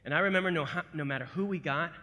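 A man from the United States, a military veteran, telling his story to a live audience in an animated way, dropping to hushed asides and then punching out loud bursts. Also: on the high side, quick pace. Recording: echoey hall with long reverb.

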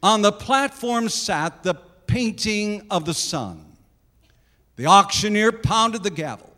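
High-voiced male preacher telling a story. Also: animated, slow pace, bright, forceful tone, big-room sound. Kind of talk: sermon illustration storytelling.

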